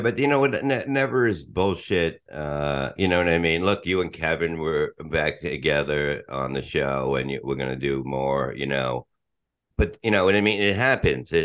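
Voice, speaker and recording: A man's voice: rumbling low, a bit bright. A middle-aged man chatting casually as a podcast guest, rambling and swearing, restarting sentences and laughing often.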